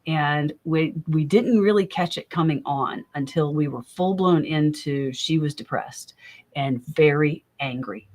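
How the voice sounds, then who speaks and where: A woman's voice: on the low side, darkish tone. A middle-aged woman, a guest in a casual interview, telling a long personal story in a rambling, self-interrupting way, often apologizing for talking too much.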